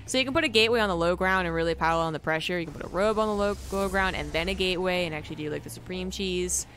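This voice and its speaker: A man's voice: high voice, racing, sharp tone, faint music behind. A young Canadian man with a General American accent, casting a strategy game live and trading sarcastic jokes with his chat. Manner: joking, sarcastic asides to chat. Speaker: esports caster. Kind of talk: live game commentary, chatting with viewers.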